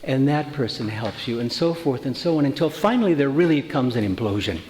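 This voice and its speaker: A man's voice: mid-range voice, lively intonation, fairly quick, a little mellow, a little hiss or hum. Man giving a spiritual talk in an echoey hall. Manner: anecdotal, conversational, many fillers and restarts. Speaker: retreat teacher. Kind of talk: spiritual talk to a retreat group. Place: retreat hall. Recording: roomy hall reverb.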